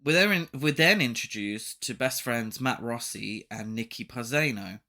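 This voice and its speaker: A man's voice: medium pitch, measured pace. A man co-hosting a horror film podcast, chatting casually and laughing easily while discussing cast members. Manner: relaxed, laughs often. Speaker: podcast co-host. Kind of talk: casual film review chat.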